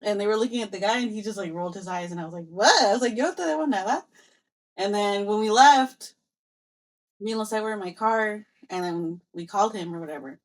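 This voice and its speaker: A young woman co-hosting a podcast tells a story in a loose, casual way. She acts out both sides of old conversations with lots of back-and-forth energy. Her voice sits in a middle pitch. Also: fast talker. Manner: animated storyteller, acts out quoted exchanges, mixes in Spanish phrases. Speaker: podcast co-host.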